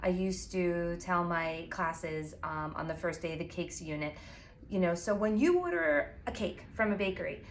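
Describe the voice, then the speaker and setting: A woman in her forties with a Long Island New York accent, a pastry chef giving a chatty, fast how-to talk full of asides and fillers. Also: lowish voice, expressive, slight background noise. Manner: fast, chatty and self-apologetic, with frequent fillers. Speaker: pastry chef and baking teacher. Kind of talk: casual instructional talk to camera.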